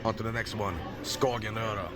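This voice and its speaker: A man's voice: on the low side, level tone, a little fast, loud music behind the voice. A man chatting and joking with friends in travel footage. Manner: joking, teasing, laughs a lot. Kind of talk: casual chat in travel footage.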